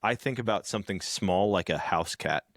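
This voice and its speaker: A man with a low voice chats casually as a podcast co-host, spinning stories and acting out the people in them. His voice is recorded close and dry, with no room sound. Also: moderate pace, no room sound. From rural background. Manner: storytelling, animated when acting out others. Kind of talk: casual chat.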